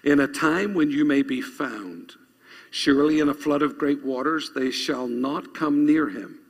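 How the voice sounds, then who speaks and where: Man, pastor, sermon, husky voice, long church reverb. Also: on the high side, unhurried. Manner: preaching, urging congregation to repeat after him.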